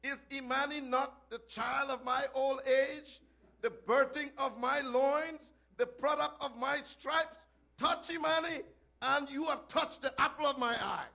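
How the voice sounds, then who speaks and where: A man's voice: extremely high pitch, steady tone, measured pace, gravelly, bright, forceful tone, heavily acted. A man preaching, voicing an indignant old king who defends his child in archaic biblical phrasing. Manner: archaic biblical phrasing, rising emphatic delivery.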